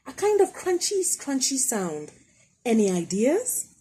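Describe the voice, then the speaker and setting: A woman's voice: high voice, big pitch swings, a little slow, mellow, breathy edge, voice pushed up, heavily acted, poor audio. A woman voicing a determined young girl in a storybook read-aloud. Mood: curious.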